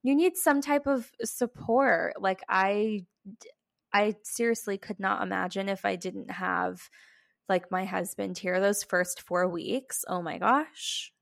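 A woman's voice: mid-range voice, fairly even intonation, slow pace, vocal fry, no room sound, clean studio sound. A young woman hosting a podcast, chatting casually and enthusiastically. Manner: warm, enthusiastic, frequent "wow" and laughs. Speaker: podcast host. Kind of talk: casual chat.

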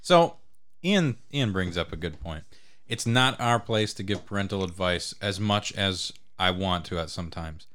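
A man's voice: low voice, expressive, moderate pace, a bit bright. A man co-hosting a casual podcast, blunt and profane as he chats and reacts. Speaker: podcast co-host. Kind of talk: casual chat.

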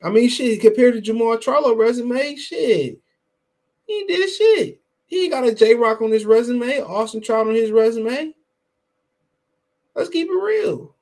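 A man's voice: extremely high pitch, animated, unhurried, a little mellow. A man hosting a boxing podcast, giving heated, profane casual commentary while greeting his live chat. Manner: profane, heated, emphatic and repetitive.

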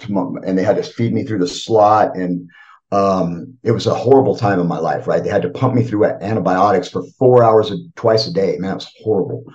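A middle-aged podcast guest with a warm, lowish voice talks in a casual, reflective way. He rambles, leans on fillers, and keeps tossing in "right?", all captured on dull lo-fi audio.

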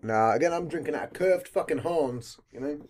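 A man's voice: a little high, expressive, brisk, darkish tone. A man hosting a podcast in a rambling casual chat, swearing constantly. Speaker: podcast host.

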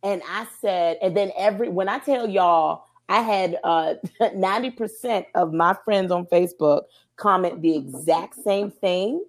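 A woman co-hosting a podcast, telling stories in an animated, emphatic way during casual chat. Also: lowish voice, a little slow. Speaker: podcast co-host.

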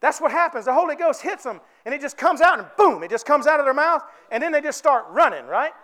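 High-voiced fervent preacher. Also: male voice, animated, fast talker, sharp tone. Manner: fervent, calls out to the congregation for responses. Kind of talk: sermon.

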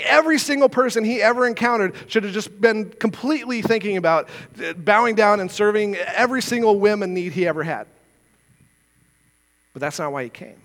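A man's voice: high-pitched, a bit bright, long reverb tail. A man preaching a sermon as pastor, earnest and conversational, asking his listeners rhetorical questions. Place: church sanctuary.

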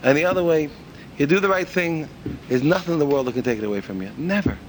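A man giving a spoken religious lesson as an animated storyteller, repeating himself and asking rhetorical questions. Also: a little high, fast talker, a little hiss or hum. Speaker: religious teacher.

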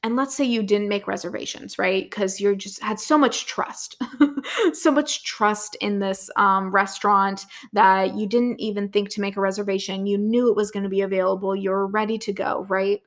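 A woman's voice: mid-range voice, fairly even intonation, normal speed. A young adult woman hosting a podcast, talking through a motivational lesson in a chatty, casual way, tossing in "right?", filler words and the odd swear. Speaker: podcast host and business coach.

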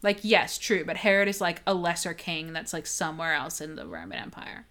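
A woman's voice: on the low side, steady tone, brisk, a bit bright. A woman casually and profanely retelling a story for laughs, with lots of filler. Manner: rambling, profane, lots of 'like'.

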